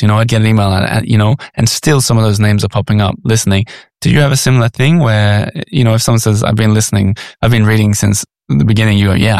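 A man's voice: lowish voice, creaky, a little mellow, dry recording. An Australian man hosting a podcast, asking his guest questions in a hesitant way, thinking aloud as he goes. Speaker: podcast host. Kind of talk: conversational interview.

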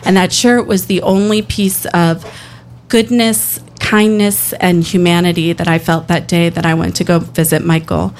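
A woman's voice: fairly low pitch, steady tone, normal speed, a little hiss or hum. A woman telling a true personal story to an audience, earnestly, acting out the people she quotes. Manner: earnest, quotes others in character.

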